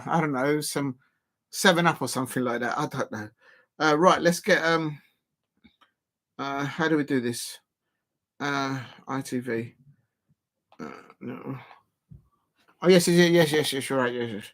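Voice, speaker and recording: A man streaming a football watch-along, chatting casually and bursting into excited shouts at the match. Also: a little high. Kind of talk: casual live commentary.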